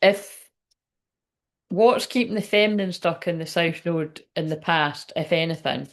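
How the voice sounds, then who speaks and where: A woman with a slightly low voice gives a loose, casual tarot reading. She rambles and circles back on herself, dropping swear words and filler words as she goes. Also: a little slow. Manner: chatty and rambling, swears freely, many fillers. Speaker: tarot reader.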